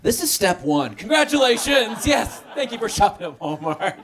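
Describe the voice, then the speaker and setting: A man in his thirties doing a stand-up set at a small restaurant comedy night, talking into a handheld mic. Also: normal speed. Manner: lively, jumps into high voices for quoted people.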